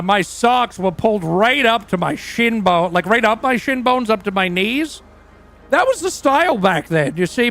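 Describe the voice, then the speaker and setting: A man's voice: sits high, a bit bright, exaggerated voice. A man playing a crude, boastful aging rock singer who tells rambling, profane stories in a role-play livestream.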